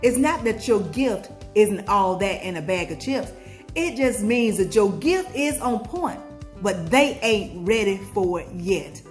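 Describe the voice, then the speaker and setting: Soft music plays as a Southern-accented vlogger from Georgia, USA, preaches motivation to her viewers, questioning them call-and-response style and singing snippets. Her mid-range voice has lively intonation and a darkish tone, and she goes a little slowly.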